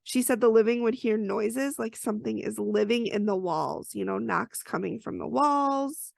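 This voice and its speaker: A woman's voice: on the high side, moderate pace, creaky, dry recording. A woman hosting a podcast, recapping an episode in a chatty, storytelling way with personal asides. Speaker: podcast host.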